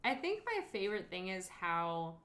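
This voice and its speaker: A young woman from the South co-hosting a casual chat, easygoing and relaxed. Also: mid-range voice, normal speed, roomy sound. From Asheville, North Carolina. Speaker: podcast co-host.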